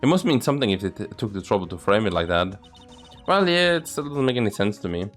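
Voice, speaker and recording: A man hosts a let's play, chatting in an amused way as he reads the dialogue aloud. His pitch rises and falls in a lively way. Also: fast, soft background music. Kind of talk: casual game commentary and reading dialogue.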